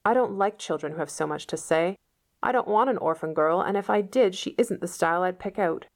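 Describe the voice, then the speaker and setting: A woman reading the part of a stern, sharp-tongued middle-aged spinster who speaks curtly and scolds. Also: on the low side, a little fast, lightly acted. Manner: curt, wrathful, scolding.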